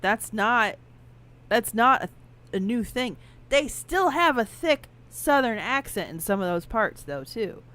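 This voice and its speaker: A woman co-hosting a casual game stream, talking in an animated, rambling, opinionated way. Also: fairly high pitch, measured pace. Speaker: podcast co-host playing a game. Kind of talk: casual let's-play chat.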